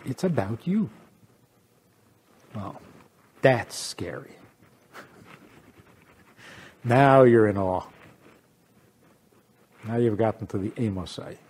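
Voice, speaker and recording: A rabbi teaching a lively lecture, teasing his listeners with rhetorical questions. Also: lowish voice, slow, long pauses.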